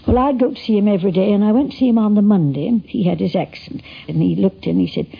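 A woman's voice: medium pitch, fast talker, creaky, husky. An older woman reminiscing in an interview, telling a story chattily with quoted dialogue, in a dull lo-fi archive recording.

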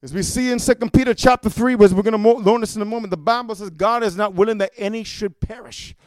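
A man preaching a fiery sermon, often shouting and calling "amen?" to his listeners. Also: high-pitched, fast talker, dry recording.

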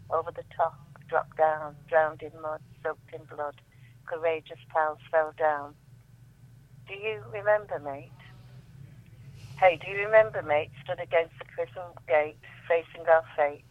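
A woman guest reading her own poetry aloud in a measured, dramatic way, often dropping almost to a whisper. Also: sits low, no room sound. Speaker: guest poet. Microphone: telephone. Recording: tinny phone line.

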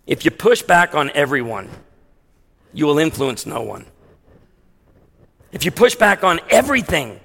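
High-voiced pastor preaching in a hall. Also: male voice, creaky, a bit bright. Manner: conversational preaching with humorous asides. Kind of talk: sermon. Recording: long hall reverb.

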